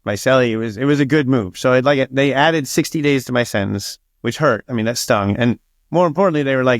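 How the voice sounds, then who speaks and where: A man's voice: mid-range voice, brisk, dry recording, studio quality. A man being interviewed as an author, telling stories casually, swearing freely and acting out what others said. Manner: swears freely and acts out quoted dialogue.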